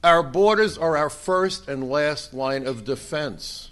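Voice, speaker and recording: An older man, a former immigration agent, gives a conference speech to a live audience in a conference room. His voice is fairly high, slow and fairly bright, and he's emphatic, favouring rhetorical questions.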